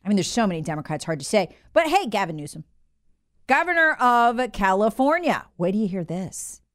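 A woman's voice: mid-range voice, very animated, fairly quick, a bit bright. A woman talk radio host delivering a heated, scornful monologue and mockingly imitating people. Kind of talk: opinionated talk show monologue.

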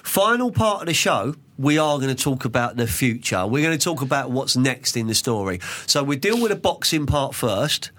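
A man's voice: medium pitch, big pitch swings, normal speed, hardly any pauses, fairly bright tone. A man hosting a studio interview in a chatty, matey way, often repeating words as he gets going. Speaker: podcast host. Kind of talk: casual interview chat.

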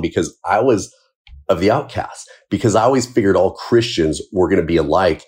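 Deep-voiced man with a husky edge, a firefighter recounting his past plainly and with wry chuckles. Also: brisk, darkish tone. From Southern California. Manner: casual and candid, chuckles between points. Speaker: firefighter telling his life story. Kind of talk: personal storytelling.

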